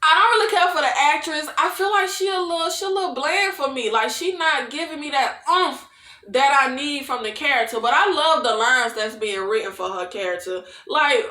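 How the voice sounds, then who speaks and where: A woman giving a casual, animated TV recap, slangy and laughing often. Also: high-pitched, moderate pace, echoey room. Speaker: show recap reviewer.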